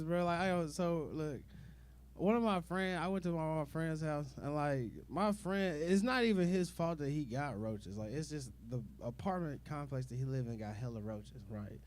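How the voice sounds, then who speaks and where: A man's voice: a little high, a little mellow. A young man doing a rambling, profane stand-up comedy set, full of fillers and asides to the crowd.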